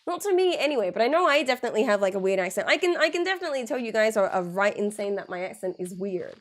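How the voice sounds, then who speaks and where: A woman's voice: on the high side, big pitch swings. Chatty giggly woman streamer, stuffy nose. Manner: chatty, giggly, repeats words slowly to show sounds. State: blocked nose. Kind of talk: casual live stream chat.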